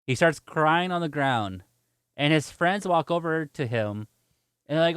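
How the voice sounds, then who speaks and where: A man's voice: fairly high pitch, expressive, measured pace, a bit bright, clear, resonant tone, dry recording, studio quality. A man streaming games, chatting casually and telling a story with lots of laughter while answering viewer chat. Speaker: gaming streamer.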